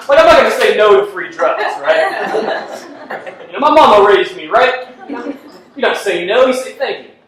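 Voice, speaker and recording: A man's voice: high voice, animated, measured pace, pauses often, fairly bright tone. A man performing a self-deprecating stand-up comedy set, laughing at his own jokes on a club stage. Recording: echoey club from far off with faint noise.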